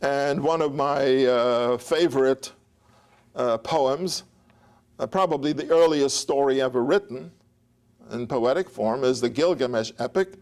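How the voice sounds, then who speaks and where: Gravelly-voiced male history lecturer. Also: medium pitch, measured pace, a little mellow. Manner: digressive, anecdotal, with chuckles and restarts. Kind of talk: academic lecture.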